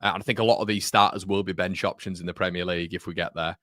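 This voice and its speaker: A man's voice: deep voice, fairly even intonation, very fast, fairly bright tone, dry recording, studio quality. A man hosting a fan livestream, chatting casually and reading out viewer comments, rambling and correcting himself as he goes. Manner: rambling, self-correcting, addresses viewers as mate. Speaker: fan channel host.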